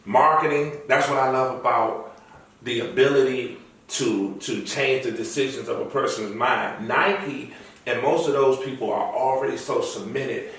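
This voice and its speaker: Middle-aged male guest, casual storyteller, recorded off-mic in a very reverberant room. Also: medium pitch. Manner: animated storyteller, acts out quoted lines. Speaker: interview guest. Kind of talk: casual conversational interview. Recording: echoey room, far from mic.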